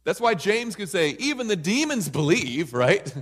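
A man's voice: high-pitched, very animated, moderate pace, husky, in a large hall. A man preaching a Bible study sermon in an emphatic way, often checking in with listeners by asking "right?".

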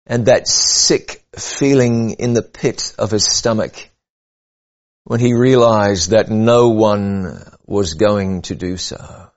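A man preaching a sermon, earnest and measured, rising and falling for emphasis. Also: fairly low pitch, dull audio.

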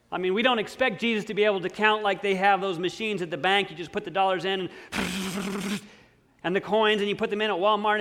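A man preaching a sermon, slow and emphatic, dropping to near-quiet on key words. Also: high-pitched. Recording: long hall reverb.

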